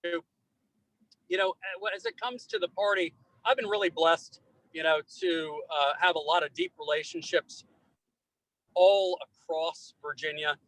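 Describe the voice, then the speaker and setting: Energetic folksy man, bright high voice. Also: unhurried, dry recording, poor audio. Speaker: political candidate. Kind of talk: campaign interview answer.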